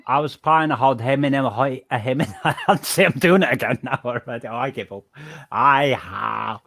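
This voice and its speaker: A man's voice: medium pitch, fairly quick, creaky, fairly bright tone, no room sound. A man in a casual group chat who rambles and laughs often. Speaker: live chat panelist.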